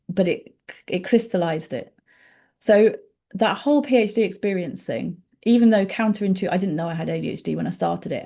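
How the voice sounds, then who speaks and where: A woman's voice: lowish voice, warm tone. A woman, a neurodiversity coach, answering interview questions in an earnest, reassuring way. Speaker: ADHD and neurodiversity coach, podcast guest.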